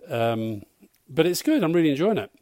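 A man's voice: a little high, big pitch swings, moderate pace, a little mellow, no room sound. A man co-hosting a podcast, chatting in an easygoing, dry-humoured way. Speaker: podcast co-host. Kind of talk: casual chat.

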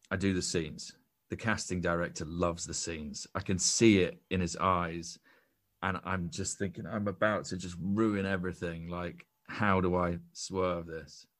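A young man, a podcast guest and actor, telling a self-deprecating story in casual chat with frequent restarts. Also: sits low.

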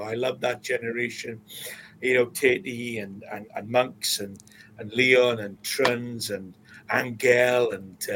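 A Welsh man in his sixties, a stadium announcer, telling stories in an interview with animated anecdotes and frequent restarts. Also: medium pitch, slight background noise, poor audio. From Swansea, Wales. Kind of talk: casual storytelling interview.

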